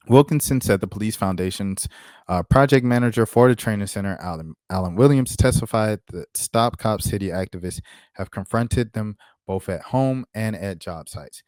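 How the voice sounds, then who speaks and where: A man's voice: lowish voice, moderate pace, darkish tone, no room sound. A man hosting his own channel, reading news aloud in a casual commentary style with offhand asides. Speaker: channel host.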